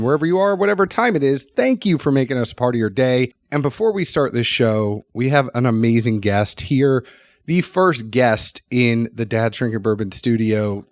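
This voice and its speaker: A man's voice: medium pitch, no room sound. A man hosting a podcast, greeting listeners in an upbeat, joking way from a small studio. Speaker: podcast host. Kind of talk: casual podcast chat and show intro.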